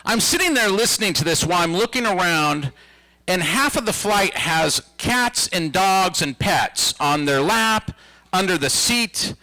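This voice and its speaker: A man in his fifties performing a stand-up comedy routine, telling stories with a playful, animated delivery. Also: sits high, a little slow, no echo, low-quality recording. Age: 50s.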